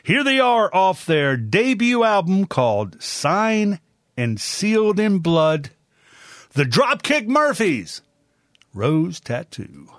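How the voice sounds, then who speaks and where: An older man hosting a music show, introducing songs in an unhurried, folksy, chatty way. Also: sits high, very animated, fairly bright tone, no echo, studio quality. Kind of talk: casual spoken introduction of music.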